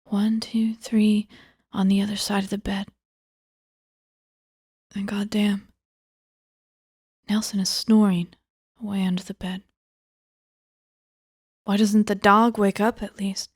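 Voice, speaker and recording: A woman giving a cold reading of a book aloud, often dropping into a hushed whisper. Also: medium pitch, level tone, slow pace, pauses often, husky, dry recording, studio quality. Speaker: audiobook reader.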